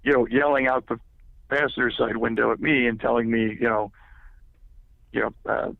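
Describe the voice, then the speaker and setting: A man's voice: medium pitch, little pitch movement, moderate pace, vocal fry, no room sound. A man telling a personal story as a podcast guest, rambling and leaning heavily on filler words, heard over a tinny phone-like line.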